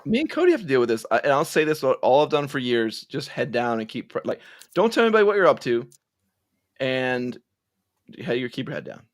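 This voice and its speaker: A man co-hosting a casual panel podcast, telling stories in an animated way. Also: mid-range voice, a little fast. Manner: animated storyteller. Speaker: podcast co-host.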